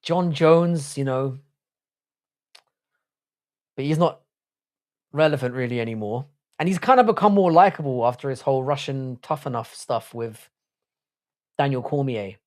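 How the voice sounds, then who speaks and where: A man's voice: medium pitch, expressive, a little slow, long pauses. A man hosting a casual livestream chat, rambling and swearing, often restarting his sentences. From Ireland. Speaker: podcast host.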